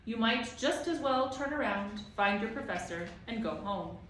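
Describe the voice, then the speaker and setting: A woman's voice: fairly high pitch, lively intonation, measured pace, far from the mic, a little hiss or hum. A woman reading aloud as a tall, officious Proc creature, snappish and grave. The room echoes heavily around her voice. The mic sits a good way off. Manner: snappish, then grave and firm.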